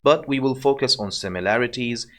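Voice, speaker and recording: A man teaching an online language lesson, explaining slowly and repeating sounds for learners to copy. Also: medium pitch, fairly bright tone.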